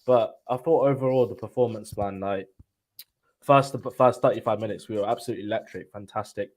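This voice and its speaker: A man's voice: lowish voice, a little fast, darkish tone, low-quality recording. A man appearing as a guest on a live stream, talking casually and with frustration. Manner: frustrated, casual, lots of fillers. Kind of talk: casual chat.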